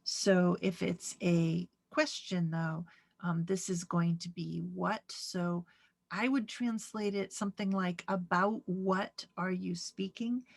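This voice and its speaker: A woman's voice: on the low side, steady tone, slow pace, vocal fry. A woman teaching a Greek grammar lesson, patiently walking through each example and answering her own questions. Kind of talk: slow, step-by-step lesson with many fillers.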